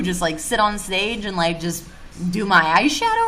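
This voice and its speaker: A woman's voice: mid-range voice, big pitch swings, measured pace, long pauses, a bit bright, slight background noise. A woman livestreaming casual chat, reading viewer comments and ranting bluntly with plenty of swearing. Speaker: YouTuber streaming live.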